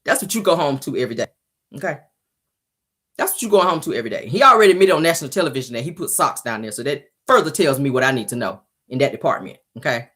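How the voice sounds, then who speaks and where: Sassy husky-voiced woman host. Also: very deep voice, expressive, fast, a bit bright. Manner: sassy, teasing, reacts to viewer comments; laughs often. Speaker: show host. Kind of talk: casual celebrity gossip commentary.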